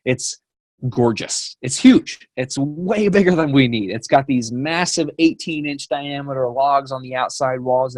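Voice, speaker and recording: Animated young man telling a story. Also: mid-range voice, dry recording. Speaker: fitness coach. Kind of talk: storytelling on a team call.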